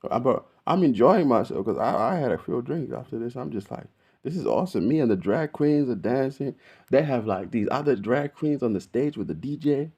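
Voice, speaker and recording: A man's voice: medium pitch, moderate pace, breathy edge, highs cut off. An Australian man hosting a video, telling rambling stories with lots of slang and swearing. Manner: slangy, profane, rambling, animated storyteller. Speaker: video host. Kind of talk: casual storytelling to camera.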